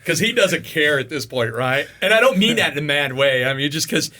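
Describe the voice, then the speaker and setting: A man hosting an interview, telling stories in a casual, animated way, laughing and swearing as he goes. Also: on the high side, a little fast. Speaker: podcast host.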